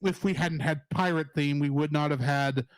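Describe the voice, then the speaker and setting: A man's voice: on the high side, fairly even intonation, normal speed, clear, resonant tone, no room sound. A man co-hosting a casual cartoon review podcast, joking and laughing often as he talks. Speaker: podcast co-host.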